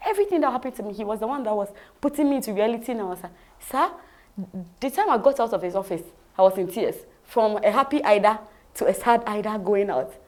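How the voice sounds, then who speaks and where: Ghanaian woman telling her life story in an interview, acts out all the voices, middle pitch. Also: expressive, fast talker, darkish tone. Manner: vivid storyteller who acts out dialogue. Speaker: interview guest. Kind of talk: personal storytelling.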